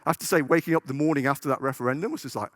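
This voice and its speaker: A man's voice: mid-range voice, rapid-fire, dry recording. Guy doing a conference talk, jokey, keeps asking the crowd "yeah?", dry close sound. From United Kingdom. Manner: chatty, joking, checks in with the audience. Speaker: conference speaker. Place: conference hall stage.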